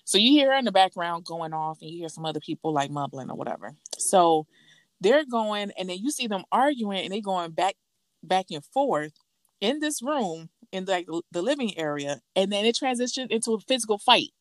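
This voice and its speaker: A woman in casual chat, telling a gossip story with lively acted-out quotes. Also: moderate pace, no room sound. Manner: animated storytelling, acts out quotes in a higher voice.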